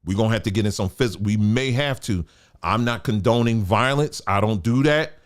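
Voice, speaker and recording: A commentary-show host with a lowish voice speaks at a moderate pace. He delivers an emphatic, preachy monologue, repeating phrases and addressing listeners as family.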